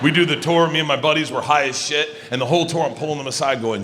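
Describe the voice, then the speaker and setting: A man in his fifties telling stand-up stories on stage, loud and swinging between low asides and shouted high bursts. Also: quick pace. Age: 50s. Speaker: stand-up comedian. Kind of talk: stand-up comedy storytelling. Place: large arena on stage. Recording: live show with clear crowd noise. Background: audience laughter.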